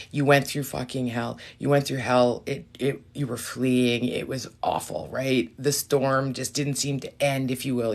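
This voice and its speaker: A woman doing a casual live tarot reading, chatty and easily sidetracked, often dropping into whispers and reassuring viewers. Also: extremely low pitch. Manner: warm and reassuring toward viewers. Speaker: tarot reader on a live stream.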